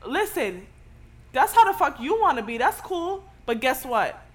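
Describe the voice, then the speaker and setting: Loud blunt high-voiced woman. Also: big pitch swings, measured pace. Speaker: podcast co-host. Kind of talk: casual chat.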